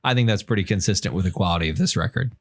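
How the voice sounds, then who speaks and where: A man's voice: sits low, rapid-fire. A man, co-hosting a podcast in a casual, rambling, profane chat. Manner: rambling, profane, laughs easily. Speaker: podcast co-host.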